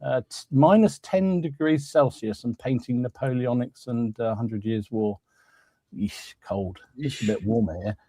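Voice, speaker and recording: A man's voice: medium pitch, unhurried, dark tone, dry recording. Chatty man hosting a hobby podcast. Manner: chatty, greets viewers, laughs often. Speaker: podcast host. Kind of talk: casual live-stream chat.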